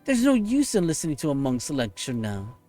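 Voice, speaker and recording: Man voicing a vengeful young warrior woman, scornful threats, lively pitch, game read-through. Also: brisk, faint music behind. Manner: raging, contemptuous, shouting threats. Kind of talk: reading game dialogue aloud.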